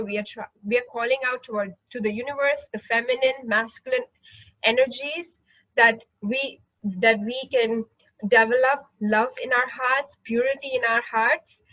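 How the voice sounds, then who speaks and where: Woman meditation leader, bright and fairly high, eager, muffled call audio. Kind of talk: guiding a mantra meditation class. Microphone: video call.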